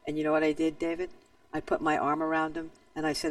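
A man hosting a talk show, telling an anecdote in a lively way and acting out quoted dialogue. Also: a little high, quick pace, creaky, distant mic, rough recording. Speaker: host. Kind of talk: storytelling chat.

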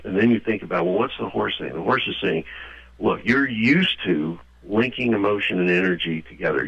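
A man being interviewed, talking in a lively storytelling way and acting out the voices he quotes. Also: lowish voice, gravelly. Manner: animated, acts out quoted voices. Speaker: guest author. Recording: dull lo-fi radio audio.

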